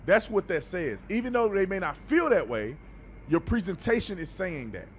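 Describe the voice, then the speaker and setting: A man hosting a reaction video speaks in a high voice with big pitch swings at a moderate pace, over slight background noise. His talk is blunt, animated, preachy and casual, and he often repeats words.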